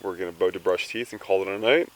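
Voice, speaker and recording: A man giving a relaxed end-of-day recap at a campsite, sometimes repeating his words as he searches for them. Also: low voice, fast talker, poor audio. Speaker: canoe trip member recapping the day. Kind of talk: casual end-of-day video diary. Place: outdoors at a wilderness campsite.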